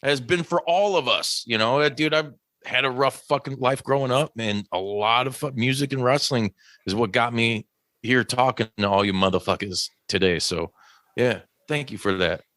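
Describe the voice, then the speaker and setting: A man's voice: mid-range voice, normal speed, fairly bright tone, dry recording. A man hosting a podcast in casual chat, loose and rambling, swearing freely. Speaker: podcast host.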